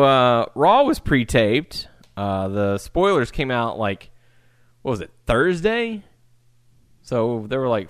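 A man, co-hosting a casual wrestling podcast, relaxed and quick to laugh. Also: fairly low pitch, smooth, no echo, studio quality. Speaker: podcast co-host.

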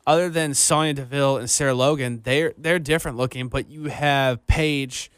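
A young man co-hosting a casual wrestling podcast, talking in halting bits with many restarts. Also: medium pitch, fairly even intonation, clear, resonant tone, dry recording, studio quality. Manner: hesitant, lots of restarts and fillers. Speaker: podcast co-host.

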